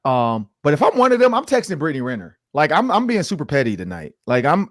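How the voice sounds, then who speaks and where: A man hosting a casual sports roundtable, talking in an animated way with many fillers and frequent laughter. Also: a little high, fast, few pauses, no echo, clean studio sound. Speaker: podcast host.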